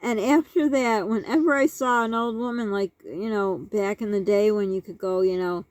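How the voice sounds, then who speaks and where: A woman's voice: mid-range voice, fairly even intonation, moderate pace, darkish tone, no room sound. A middle-aged woman telling childhood stories in a casual, rambling way, laughing often as she talks. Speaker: vlogger. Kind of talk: casual storytelling.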